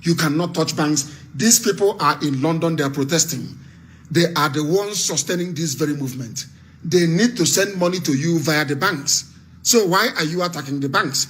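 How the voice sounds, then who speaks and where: A man's voice: on the high side, moderate pace, a bit bright, a little hiss or hum. A man from Nigeria with a Nigerian accent, giving a fiery, repetitive live radio address as an activist broadcaster.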